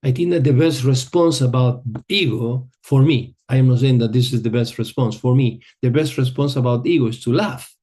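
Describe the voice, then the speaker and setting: Man with a soft, dark voice teaching yoga. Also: medium pitch, moderate pace, few pauses. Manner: relaxed, searching for words, non-native phrasing. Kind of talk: teaching a group, telling a personal story.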